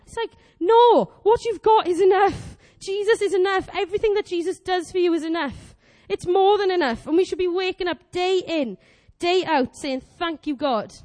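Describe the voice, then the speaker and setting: A young woman in her twenties delivers an energetic sermon with a very high, bright-pitched voice. She is exclamatory and animated, and she acts out the prayers she quotes. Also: normal speed, few pauses. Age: 20s. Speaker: preacher. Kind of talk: lively sermon.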